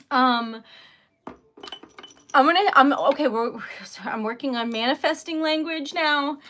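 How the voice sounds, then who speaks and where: Young woman livestreaming, high bright voice, giggly and flustered, keeps thanking chat. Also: a little hiss or hum. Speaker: small business owner livestreaming.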